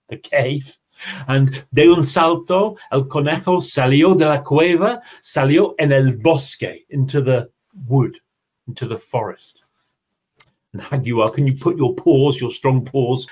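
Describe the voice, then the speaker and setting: A man's voice: mid-range voice, slightly rough. A man, a teacher trainer, telling a story expressively and then explaining it to his audience in an online teaching seminar. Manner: slow, expressive storyteller, addresses the audience directly.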